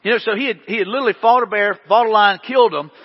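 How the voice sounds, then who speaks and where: A man's voice: high-pitched, very fast. A man preaching to a congregation in a church hall, telling stories in a conversational way with folksy asides. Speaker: pastor. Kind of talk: sermon. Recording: long hall reverb, dull lo-fi sound.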